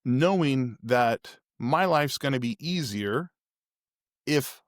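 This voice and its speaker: A man's voice: medium pitch, animated, slow, dry recording, clean studio sound. A man hosting a podcast, telling a personal story in a candid, rambling way with frequent restarts. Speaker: podcast host. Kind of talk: casual storytelling.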